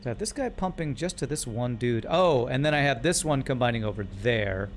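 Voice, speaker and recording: Guy streaming a game, talking himself through the math, mid pitch, keeps restarting. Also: animated, fairly quick, a little hiss or hum. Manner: thinking aloud through math, self-correcting. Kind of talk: live gameplay commentary.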